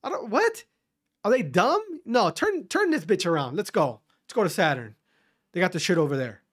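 A baffled male alien squeals in a high, squeaky voice, fed up and eager to turn his ship around, as a man puts him on. His voice is thin and pitched far above a normal speaking voice. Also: sing-song, normal speed, fairly bright tone, breathy edge, full character voice. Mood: disgusted.

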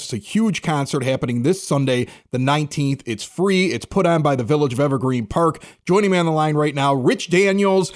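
Upbeat, chatty male radio host. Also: a little high. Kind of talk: casual interview chat.

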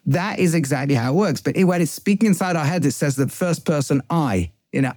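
A man's voice: a little high, a little fast, few pauses, no room sound. A man teaching as a rabbi, reading Hebrew lines from a text and then explaining them, with many restarts and self-corrections as he thinks aloud. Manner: turns lively when acting out the voice of temptation. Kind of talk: text study lecture.

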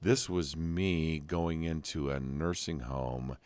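A man with a very deep voice co-hosts a casual podcast chat. He speaks slowly and easily, and often drops in short agreeing replies. The sound is close and dry. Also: a little mellow, clear, resonant tone, no echo.

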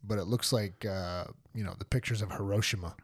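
A man's voice: lowish voice, steady tone, fairly quick, dry recording, studio quality. A man hosting a casual podcast, playful and jokey, sounding out of breath. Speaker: podcast host. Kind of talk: casual chat.

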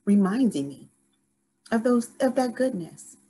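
A woman guest on a podcast telling a story in casual conversation, animated and full of restarts. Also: on the high side, measured pace, slightly rough, poor audio.

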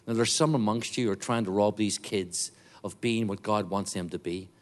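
A man's voice: lowish voice, steady tone, moderate pace. Northern Irish man, middle-aged, guest preacher, jokes then fervent pulpit delivery. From Northern Ireland. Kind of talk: sermon with jokes. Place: church before a congregation.

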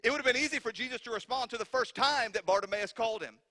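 A man's voice: extremely high pitch, fast talker, pushed and bright, big-room sound. A man preaching a sermon with impassioned delivery and rhetorical questions. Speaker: pastor.

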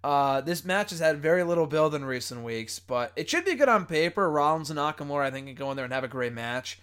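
Man, podcast host, casual chat, excitable, laughs a lot, slightly high voice. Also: fast, smooth. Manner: excitable, often breaks into laughter.

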